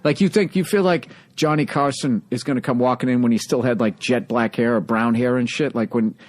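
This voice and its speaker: A man hosting a podcast, telling profane, animated stand-up stories in casual chat. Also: mid-range voice, brisk. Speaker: podcast host, stand-up comedian.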